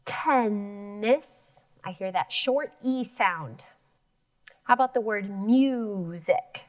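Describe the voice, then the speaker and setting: A woman's voice: mid-range voice, takes it slowly. A woman teaching an elementary phonics lesson, sounding out words syllable by syllable.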